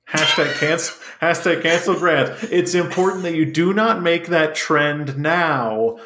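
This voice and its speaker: A man with a slightly high voice co-hosts a comedy podcast, riffing playfully on absurd bits. The room around him is audibly echoey. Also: a little slow, bright, forceful tone. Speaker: podcast co-host. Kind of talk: casual comedic banter.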